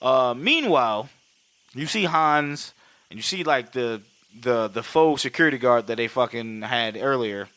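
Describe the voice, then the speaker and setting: A male podcast co-host recaps a film in casual chat, rambling and swearing freely. His voice is bright and forward, recorded close and dry. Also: medium pitch, a little slow, no room sound. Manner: rambling, profane, animated retelling.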